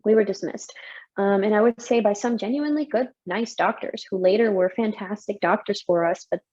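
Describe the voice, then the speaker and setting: A young woman telling her story as a mother in an interview, emotional and lively, laughing often as she talks. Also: mid-range voice, a little fast, muffled recording. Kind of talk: candid personal story.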